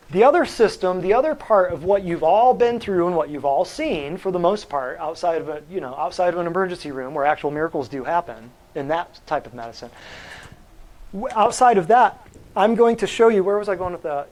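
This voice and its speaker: A man teaching a natural health class, lecturing in an animated, preachy way and firing rhetorical questions at his students. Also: sits high, a little fast, rough recording.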